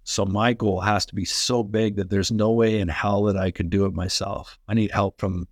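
A middle-aged man from Canada, a former pro hockey player, telling energetic, fast-flowing stories in a podcast interview. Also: fairly low pitch, no room sound, studio quality. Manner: energetic, fast-flowing anecdotes with quoted dialogue. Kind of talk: animated storytelling in a podcast interview.

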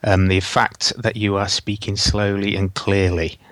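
A man co-hosting a podcast in an easygoing, casual way. His voice sits a bit low, and the recording is dry and close with no room sound. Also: level tone, unhurried, fairly bright tone, dry recording. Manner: easygoing, reads out listener messages. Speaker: podcast co-host. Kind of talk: casual chat.

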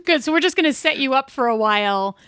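A woman's voice: high-pitched, animated, quick pace, fairly bright tone, clean tone, no echo, studio quality. A woman hosting and playing an improvised tabletop role-play game, chatting with giggles and hesitant restarts. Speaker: podcast host and player.

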